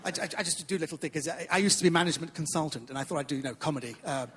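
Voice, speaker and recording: A man's voice: fairly high pitch, racing, fairly bright tone. A man doing stand-up comedy on a theatre stage, chatty and self-mocking. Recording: echoey theatre hall.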